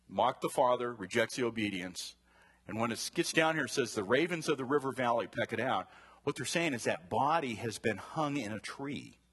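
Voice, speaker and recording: A man's voice: mid-range voice, a bit bright, husky. A man teaching a Bible study to a group in a chatty way, asking the class questions and drifting into side stories. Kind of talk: conversational Bible lesson to a group.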